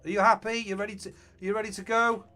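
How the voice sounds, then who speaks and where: A man's voice: high-pitched, flat delivery, fast talker, bright, forceful tone, faint music behind. A man chatting casually on a live stream, greeting viewers and thinking aloud about his team.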